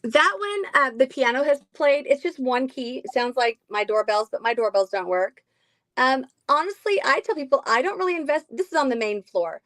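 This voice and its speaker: A woman's voice: high-pitched, animated, moderate pace, fairly bright tone, no room sound. A woman who owns a haunted house, chatting casually in an interview with many ums and frequent laughs.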